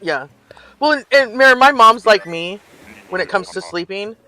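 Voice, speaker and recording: A woman's voice: mid-range voice, expressive, moderate pace, bright, forceful tone, soft background music. An older woman streaming a life-sim game, chatting casually and telling stories with frequent laughs. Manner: chatty storyteller, laughs often. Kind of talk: casual gameplay chat.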